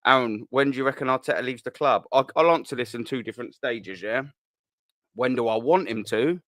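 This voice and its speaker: A man's voice: medium pitch, fairly quick, a bit bright, no echo, clean studio sound. A young man hosting a live fan show, chatting casually through viewer comments, bantering, repeating himself and laughing often.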